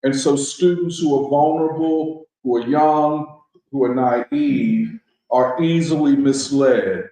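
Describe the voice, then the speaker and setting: A man's voice: on the high side, lively intonation, slow pace, dark tone. A man leading a political discussion, speaking emphatically and preacherly, throwing out rhetorical questions. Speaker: discussion leader. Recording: echoey room.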